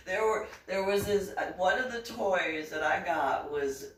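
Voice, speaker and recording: A woman's voice: lowish voice, unhurried, few pauses. A woman from New Jersey telling a story in a casual vlog, chatty, often laughing and acting out what people said. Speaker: vlogger. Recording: roomy sound, distant mic.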